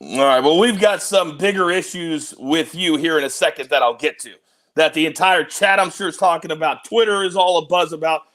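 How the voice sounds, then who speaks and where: A man hosting a sports betting show, excitable and teasing, talking over a remote link. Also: a little high, fairly quick. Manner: excitable, teasing, big swings in loudness. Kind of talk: energetic podcast hosting. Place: on the road, remote.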